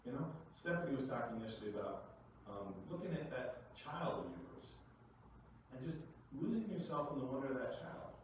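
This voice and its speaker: A man giving a lively, conversational presentation to a room of parents, with big swings in loudness. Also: mid-range voice, moderate pace, a little hiss or hum. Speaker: workshop presenter. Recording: echoey room from far off.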